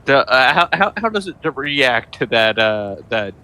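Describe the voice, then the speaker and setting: A man playing in a live tabletop game, describing his character's actions slowly with many fillers and restarts. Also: medium pitch, very animated, bright, forceful tone, clear, resonant tone. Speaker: player.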